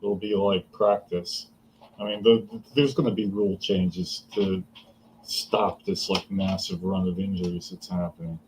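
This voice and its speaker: Man, deep voice, joking sports panelist, faint background noise. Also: flat delivery, a little slow, rough recording. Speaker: radio panelist. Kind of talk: casual sports talk.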